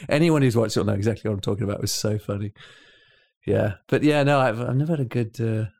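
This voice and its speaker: British man, podcast co-host, casual chat, animated storytelling, low pitch. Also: fast talker, gravelly. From United Kingdom. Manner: animated storyteller, laughs often.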